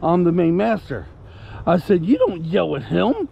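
A man's voice: sits high, wildly swooping pitch, a little slow, vocal fry, husky, muffled recording. A man telling a story casually to camera, indignant and rambling, breaking off to give commands to his puppy. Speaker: vlogger.

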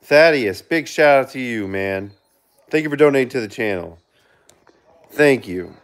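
A man hosting a casual live stream, reading viewer comments aloud and giving shout-outs, earnest with sudden excited outbursts. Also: mid-range voice. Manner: reads chat aloud and gives quick shout-outs. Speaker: livestreamer reading viewer chat.

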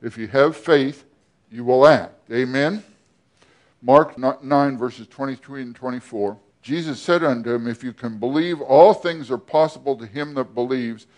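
A man preaching a sermon as pastor, often asking the congregation questions and pausing between phrases. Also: medium pitch, a little mellow. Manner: asks the congregation questions, with pauses and restarts.

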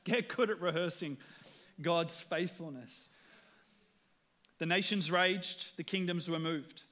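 This Australian-accented pastor delivers his church sermon slowly, in a voice on the high side with a fairly bright tone. He speaks earnestly and conversationally, frequently repeating words at the start of sentences.

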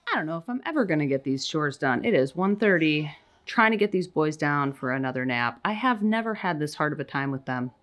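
A young woman and tired mother chatting at home in a home vlog, slipping into high sing-song baby talk. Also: expressive, a little fast, a bit bright. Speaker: mother of infant twins.

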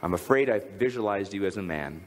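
Lively pastor preaching a sermon. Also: male voice, fairly quick, big-room sound. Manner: lively, swings from high to low when reading aloud. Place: church.

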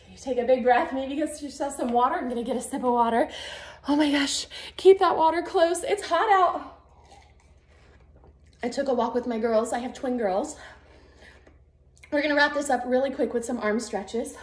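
A woman's voice: high voice, normal speed, long pauses, darkish tone. A woman in her thirties leading an arm workout, upbeat and encouraging as she counts reps, a little out of breath, in her home garage. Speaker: fitness instructor. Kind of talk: guided workout instruction. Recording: echoey garage.

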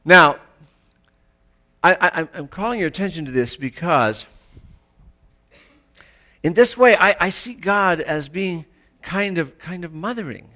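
A man with a high, bright voice preaching a sermon. His delivery is conversational and searching, and he keeps turning to the congregation with rhetorical questions. He often stumbles and restarts mid-sentence. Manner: frequent stammered restarts. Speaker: pastor.

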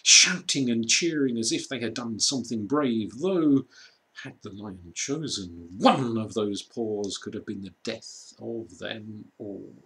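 Slow, measured man reading a storybook. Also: on the low side, bright, forceful tone. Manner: slow, measured, dramatic pauses. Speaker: reader. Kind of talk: storybook read aloud.

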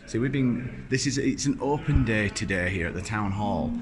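A man's voice: on the low side, lively intonation, moderate pace, crowd noise, low-quality recording. A man, chatting wryly and self-mockingly as he films a walk-through tour. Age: 30s. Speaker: vlogger touring a building. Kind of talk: casual walk-through commentary. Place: large empty indoor building.

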